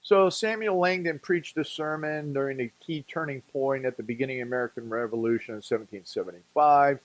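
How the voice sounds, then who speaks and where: A man's voice: medium pitch, a little fast, dry recording, low-quality recording. A man hosting a program, talking casually about colonial history in a rambling, folksy way, with jokey asides and restated words for emphasis.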